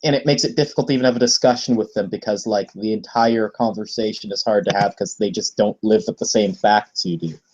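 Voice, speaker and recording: A man's voice: lowish voice, fairly even intonation, brisk, few pauses, a little mellow, muffled recording. A man co-hosting a casual podcast, speaking animatedly and laughing often. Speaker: podcast co-host.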